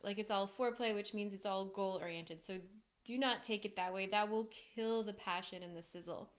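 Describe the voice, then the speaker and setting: Lively woman coaching on relationships. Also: medium pitch, moderate pace. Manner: animated, laughs often, acts out quoted voices. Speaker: relationship coach hosting a live stream. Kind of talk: casual advice talk to a live audience.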